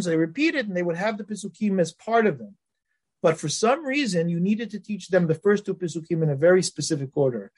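A man with a high voice, a middle-aged rabbi leading a class. He reads Hebrew passages briskly and then explains them in English, asking his students questions and answering them himself. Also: slightly rough. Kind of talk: classroom lecture on religious texts.

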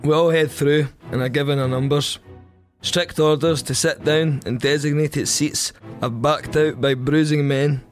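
A man's voice: on the high side, fairly even intonation, measured pace, soft background music. A Scottish man narrating a first-person story for a podcast in a wry, profane, vivid way. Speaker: podcast host.

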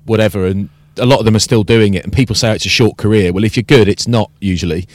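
Brief: male podcast host, lively storyteller, dry close sound. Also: fairly low pitch, fast, no echo. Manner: animated storytelling, acting out exchanges. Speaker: podcast host and rugby commentator. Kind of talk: casual podcast chat.

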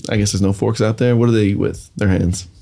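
A man's voice: on the low side, steady tone, fast, creaky, warm tone, a little hiss or hum. A man guesting on a comedy podcast, rambling through absurd ideas and trailing off. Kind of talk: casual comedy podcast banter.

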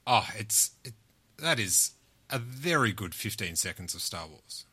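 An enthusiastic, playful interview host with a very bright, sharp tone. The pitch swings widely as they react. The sound is dry and close. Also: sing-song, measured pace, husky, no echo. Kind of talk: casual interview chat.

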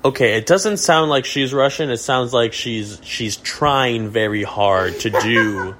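A man's voice: medium pitch, a little slow, a loud crowd. A man hosting a casual comedy podcast, talking in a dry, mock-serious way with many restarts. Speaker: podcast host.

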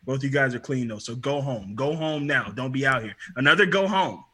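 A man's voice: mid-range voice, brisk. A young man casually telling a story on a podcast, acting out the people he quotes. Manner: animated, acts out quoted people. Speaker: podcast guest.

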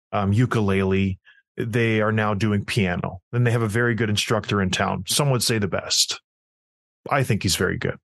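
A man's voice: on the low side, fairly bright tone, no echo. Blunt storytelling man, dry close sound. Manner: blunt, storytelling, self-mocking. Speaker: podcast co-host. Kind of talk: casual sports podcast chat.

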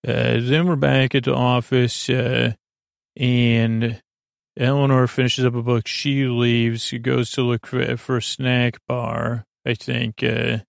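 A man hosting a sleep podcast, recapping a TV episode in a halting, meandering way with many filler sounds and self-corrections. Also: medium pitch, little pitch movement, creaky, no room sound, studio quality.

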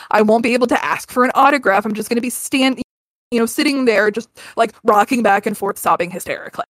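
A woman in her thirties speaks at a middle pitch, earnest and candid, swearing freely and often starting a sentence over. The sound is close and dry, with no room around it. She talks casually, as a podcast guest. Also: no echo. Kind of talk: casual personal storytelling.

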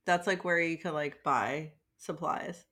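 A woman's voice: sits low, unhurried, sharp tone. A woman co-hosting a podcast in casual chat, dry and sarcastic in manner. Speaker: podcast co-host.

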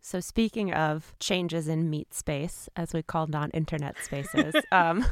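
A woman's voice: low-pitched, slow pace, dry recording, studio quality. A woman hosting an interview, asking curious, engaged questions. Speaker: interviewer, podcast host. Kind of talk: conversational interview.

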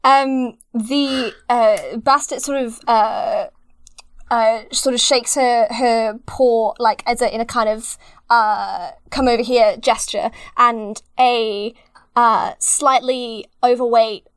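A woman's voice: a little high, steady tone, slow pace, clean tone, dry recording, clean studio sound. A woman narrating as game master of a tabletop game, rambling and hunting for words with lots of fillers. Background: music.

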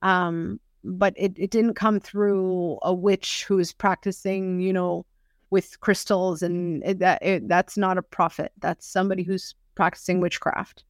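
A woman co-hosting a podcast in casual chat, animated, with quick laughs and lots of fillers. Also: fairly low pitch, no echo, clean studio sound. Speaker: podcast co-host.

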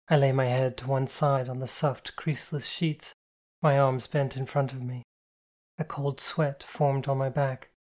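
A reader giving a soft-spoken, even, first-person narration of a novel. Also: mid-range voice. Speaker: audiobook reader.

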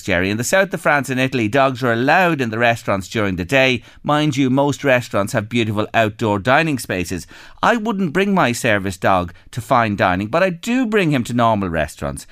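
Irish male radio host, reads messages with a very animated, bouncy delivery, dead dry studio mic. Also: mid-range voice, a little fast, no room sound. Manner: lively storytelling, animated when reading. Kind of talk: casual radio chat, reading listener messages.

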